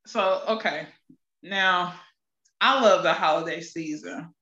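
A woman's voice: lowish voice, slow pace, bright, forceful tone, roomy sound, lo-fi sound. A woman talking reflectively in a casual panel chat, often restarting her sentences. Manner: reflective, with self-corrections.

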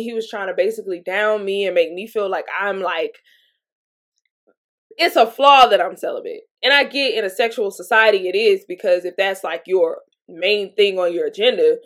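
A young adult woman hosting a podcast, telling a personal story in a chatty, animated way with frequent laughs and fillers. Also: mid-range voice. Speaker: podcast host. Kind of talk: casual storytelling monologue.

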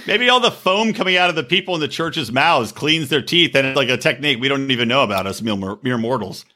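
A man co-hosting a casual reality-TV recap podcast, cracking crude jokes and slipping into loud, shrill impressions. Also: lively intonation, fast talker. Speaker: podcast co-host. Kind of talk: casual comedic chat.

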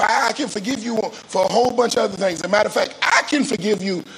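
A male pastor preaching a sermon, calling on the congregation to repeat phrases and rising into shouts with a sing-song cadence. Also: high voice, brisk, hardly any pauses, a little hiss or hum, poor audio.

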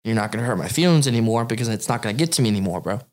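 A man's voice: lowish voice, lively intonation, rapid-fire. Swearing, ranting man on a podcast. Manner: heated, boastful ranting with heavy swearing. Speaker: podcast co-host. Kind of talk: casual profane podcast chat.

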